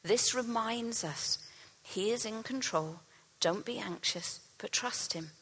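A woman preaching a sermon, retelling a Bible story with earnest storytelling and dropping to a soft hush for key lines. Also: on the high side, slow pace, breathy edge, low-quality recording.

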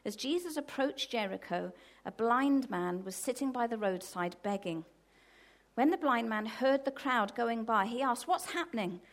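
A woman from the UK preaching a sermon with a fairly high voice. She tells stories in a lively way and breaks into loud, emphatic bursts. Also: a little slow.

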